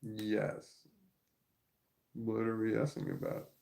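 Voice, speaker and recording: A man's voice: lowish voice, wildly swooping pitch, slow pace, creaky, dark tone, rough recording. A young adult man talking casually to camera, rambling, swearing and laughing as he goes. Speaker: vlogger.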